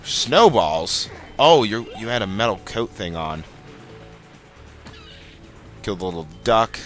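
A man's voice: on the low side, big pitch swings, slow, soft background music. A young man casually commenting while he plays a video game, chatty and muttering at the game. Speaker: let's play host.

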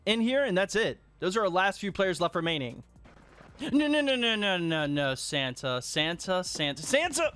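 Animated high-voiced young man gaming. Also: moderate pace, soft background music. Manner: animated, laughs often, scolds players. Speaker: gaming YouTuber hosting hide and seek. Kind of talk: excited gameplay commentary.

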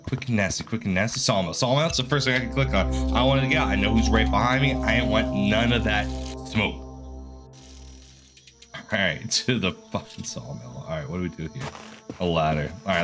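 Casting: excitable male gamer, lively swoops in pitch, mid voice, game music running underneath. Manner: animated, jumpy, self-talking with repeated words. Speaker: gaming streamer. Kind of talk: horror game let's play commentary.

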